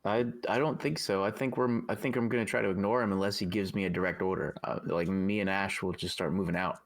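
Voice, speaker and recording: Gravelly low-voiced player. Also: male voice, steady tone. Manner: joking, quick banter. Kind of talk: casual game chat.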